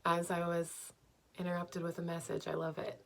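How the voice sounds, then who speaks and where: A young woman reading tarot cards for her viewers at home, slow and dreamy but enthusiastic, with lots of "like"s. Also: lowish voice, completely flat delivery, vocal fry, fairly bright tone. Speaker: tarot card reader. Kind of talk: pick-a-card tarot reading.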